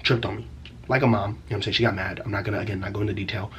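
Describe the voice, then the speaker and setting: In a casual vlog, a young man races through a story from his teen years, rambling, swearing, and packing in slang fillers. His voice is lowish and steady in tone, with slight background noise.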